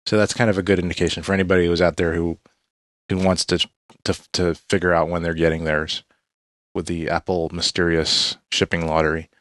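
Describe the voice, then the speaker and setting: A man with a very low voice explains gadgets in an easygoing, matter-of-fact way while co-hosting a casual tech chat. He is recorded close and dry, with no room echo. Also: flat delivery, a little fast, fairly bright tone. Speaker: tech reviewer co-host.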